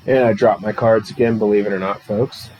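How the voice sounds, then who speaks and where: A man from the Pittsburgh area livestreams a tabletop wrestling card game, calling it play by play, reading chat and laughing often at his own expense. His chatty voice is on the low side, fairly even in intonation and brisk, over a noisy background.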